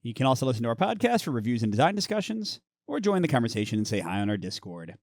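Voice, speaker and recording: Male host for a card game playthrough: casual, explanatory, reads flavor text aloud, animated delivery, dry sound. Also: medium pitch, fast talker, no room sound. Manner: chatty, explains rules while reading story text. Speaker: host of a board game channel.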